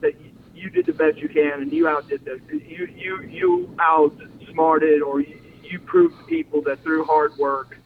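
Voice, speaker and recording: Animated man telling stories over a phone line. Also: a little high, measured pace, creaky. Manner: animated storyteller, acts out quotes, laughs often. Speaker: interview guest, former wrestler. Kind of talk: casual storytelling interview. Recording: phone-line audio with faint noise.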